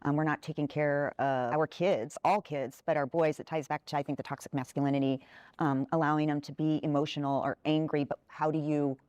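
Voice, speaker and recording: Measured woman with a smooth, flat voice. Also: sits low, dry recording. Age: middle-aged. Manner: measured, reflective. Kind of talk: calm group discussion.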